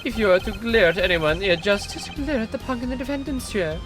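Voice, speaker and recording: A woman's voice: mid-range voice, fairly quick, natural voice. A woman voicing a flamboyant rock-star male prosecutor who teases and drops German words, reading a game script aloud. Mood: showy. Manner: showy, teasing, dropping German words. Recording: game music playing behind.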